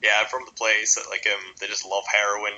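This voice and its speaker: A man's voice: lowish voice, level tone, a little fast, pushed and bright, dull audio. A man from Scotland chatting on a podcast, joking crudely and swearing freely. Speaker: podcast co-host. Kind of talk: casual chat.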